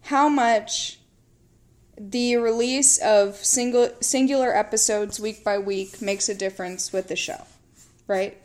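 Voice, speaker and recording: A woman co-hosting a podcast in casual chat, teasing and wry, quick to laugh. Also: medium pitch, fairly even intonation. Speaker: podcast co-host.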